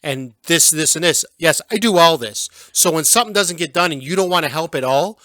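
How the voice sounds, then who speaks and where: A man in his forties co-hosting a casual podcast chat, conversational and quick to chime in with agreement. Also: fairly high pitch, expressive, pushed and bright, no echo. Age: 40s. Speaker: podcast co-host.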